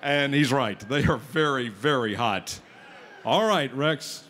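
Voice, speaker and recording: A man emcees a live eating contest over the PA, speaking slowly in a slightly bright, mid-range voice. He trades jokes with the contestants and fires up the audience.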